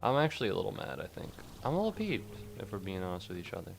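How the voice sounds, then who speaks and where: Racing along in a low, creaky voice with wildly swooping pitch, a gaming streamer swears his way through casual commentary as soft music plays. He talks to the game's creatures and to his chat between stretches of play.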